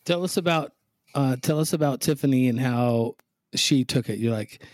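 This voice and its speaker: A man's voice: medium pitch, moderate pace, darkish tone, no echo. A man hosting as a sales coach, talking emphatically and bluntly, with casual swearing. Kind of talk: casual chat.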